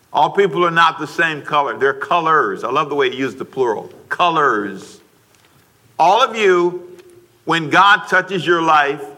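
Bright-voiced man preaching emphatically. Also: on the high side. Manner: emphatic preaching with repetition and call-and-response prompts. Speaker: pastor. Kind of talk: sermon.

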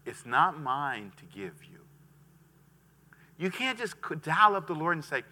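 Middle-aged guy preaching a sermon, brassy bright sound, gets the crowd to say it back. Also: fairly high pitch, measured pace, pauses often. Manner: animated preaching with call-and-response to the congregation. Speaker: pastor.

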